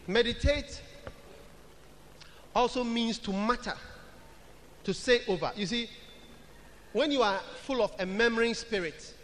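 A male pastor preaching a sermon in church, chanting short scripture phrases over and over and building to loud calls. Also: very high voice, measured pace, pauses often, big-room sound, slight background noise.

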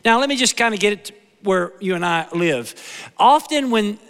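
A man preaching from the pulpit in a high, bright voice that rings with conviction. He leans on repetition and homespun humor, and a long church reverb hangs behind every line. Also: expressive, normal speed, vocal fry, clean tone. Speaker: pastor. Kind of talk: sermon. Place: church sanctuary.

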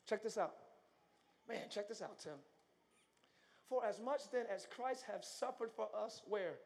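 A male pastor preaching a live sermon in a large church, moving from hushed talk to shouting. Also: sits high, a little slow, gravelly. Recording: long church hall reverb.

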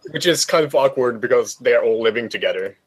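A man's voice: medium pitch, lively intonation, a little fast, slight background noise. A man playing a tabletop game, describing his character in a rambling, hesitant way. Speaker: player. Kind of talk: casual chat.

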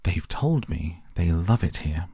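A man voicing an excitable, eccentric male chocolate maker in a storybook reading, with a fussy, pleading manner. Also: sits low, a little slow, breathy edge, dry recording, studio quality, exaggerated voice. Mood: cheerful.

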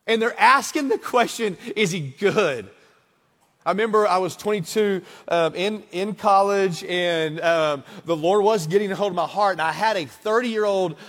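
Man in his thirties preaching a sermon. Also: high voice. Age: 30s. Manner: conversational, swings from hushed to emphatic. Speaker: pastor. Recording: long hall reverb.

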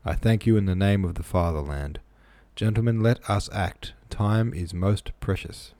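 Solemn, moved emperor in an audiobook read by a man, low voice, mellow tone. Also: normal speed, no room sound, natural voice. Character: emotional earnest male emperor addressing nobles.

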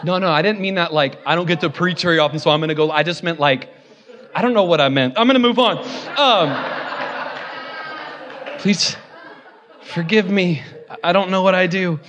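A man preaching a sermon in a church, joking and laughing at himself, then building to loud declarations. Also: sits high, normal speed, long pauses, dull audio, noisy background. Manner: self-deprecating, joking, laughing often. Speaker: guest preacher.

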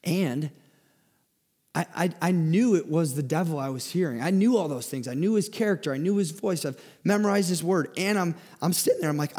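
A man's voice: a little high, brisk, a little mellow. A young man giving a sermon in an earnest way, often repeating and restarting his words as he speaks.

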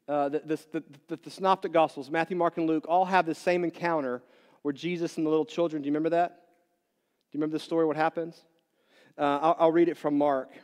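A pastor giving a sermon, asking the congregation many questions and moving between loud emphatic bursts and quiet low asides. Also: male voice. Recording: long reverb in a large hall.

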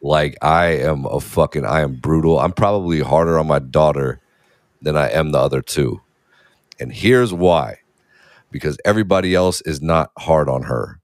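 A man's voice: extremely low pitch, moderate pace, no room sound, studio quality. A man in his thirties chatting casually as a podcast co-host, blunt and profane, laughing easily. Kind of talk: casual chat.

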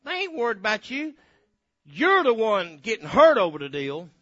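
A man preaching a folksy sermon, swinging between loud bursts and hushed asides. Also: high-pitched, wildly swooping pitch, moderate pace, muffled recording.

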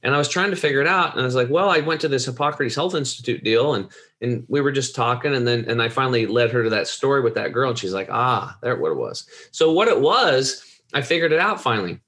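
A man recounts a personal experience in a casual, heartfelt way. His voice sits at an ordinary middle pitch. He rambles, doubles back and repeats words as the thoughts come. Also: expressive, quick pace, a bit bright. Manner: earnest, rambling with restarts. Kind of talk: casual storytelling.

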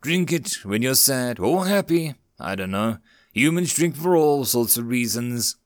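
A wounded man fading fast, his words wheezing and weak, as a male storyteller puts him on. A wry warmth stays in the voice. The recording is dry and close. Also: medium pitch, animated, no echo, lightly acted.

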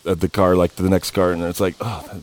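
A man's voice: sits low, little pitch movement, quick pace. A man chatting casually, joking and chuckling as he tells anecdotes. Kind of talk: casual podcast chat.

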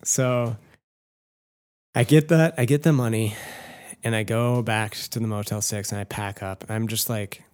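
Casting: low-pitched man, casual storyteller, self-mocking, salty language. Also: steady tone, moderate pace, a little mellow. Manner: self-deprecating, swears freely, rambling asides. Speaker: podcast host telling a story.

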